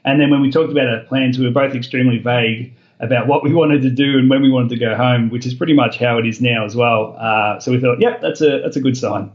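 Fast-talking Australian man. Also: mid-range voice, steady tone, dull audio. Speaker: podcast guest. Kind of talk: casual conversation.

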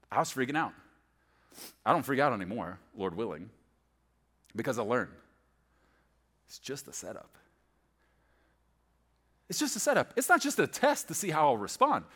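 Animated, bright-voiced male preacher. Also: sits high. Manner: animated, storytelling preacher with asides. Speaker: pastor. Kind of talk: sermon.

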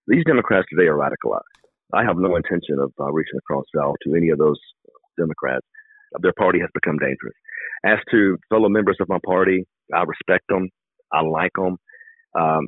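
Through a dry, tinny phone connection, a low-pitched, husky middle-aged political candidate answers interview questions with fervent emphasis and repetitive speechmaking, typical of a campaign interview.

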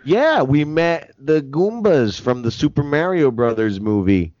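A man's voice: fairly high pitch, expressive, measured pace, a little mellow, dry recording. A man co-hosting a casual podcast, telling stories in a crude, wry, joking way. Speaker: podcast co-host. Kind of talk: casual chat. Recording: dull lo-fi podcast audio.

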